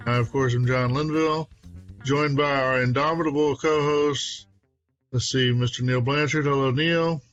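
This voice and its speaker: A man's voice: mid-range voice, steady tone, moderate pace, a bit bright, dull audio, faint music behind. A man hosting a casual podcast chat, upbeat and chatty, often breaking into little laughs. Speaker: podcast host.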